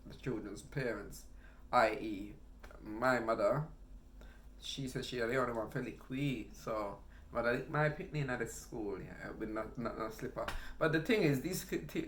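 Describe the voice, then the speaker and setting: Animated man telling stories. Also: mid-range voice. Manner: animated, laughs often, acts out voices. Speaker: vlogger. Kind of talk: casual storytelling.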